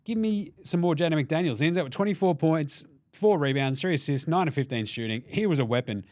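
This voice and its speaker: A young Australian man recapping basketball in a loose, profane, jokey way, slipping into mock voices for the players. His voice sits a bit high and swings widely in pitch. The sound is close and dry, with no room echo. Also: animated, fairly quick, darkish tone. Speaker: basketball podcast host. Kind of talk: casual sports recap.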